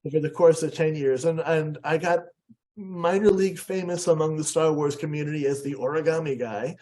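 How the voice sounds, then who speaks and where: An American man giving a storytelling presentation, animated and jumping up high in pitch when he acts out what people said. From USA. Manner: animated, acts out quotes with big pitch jumps. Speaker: guest speaker.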